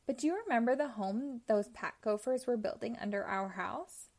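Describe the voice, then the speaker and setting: A woman voicing an easygoing, puzzled male cartoon character in a storybook reading, high and mild. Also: expressive, moderate pace, a little mellow.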